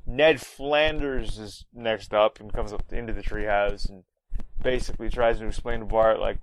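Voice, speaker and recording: A man's voice: on the low side, fairly even intonation, moderate pace, slight background noise, poor audio. A man casually recapping a cartoon episode in a rambling way, full of fillers. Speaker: podcast host recapping an episode.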